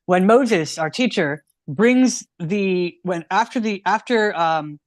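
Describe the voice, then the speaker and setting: A man's voice: high-pitched, slow, no room sound. A man in his thirties from the United States, a rabbi explaining ideas in an earnest, conversational way. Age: 30s. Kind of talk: teaching in a casual chat.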